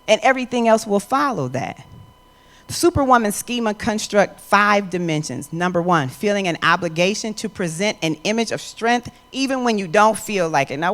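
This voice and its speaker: A middle-aged woman giving a motivational talk to an audience. She speaks emphatically and conversationally, moving from soft asides to loud declarations. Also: on the low side.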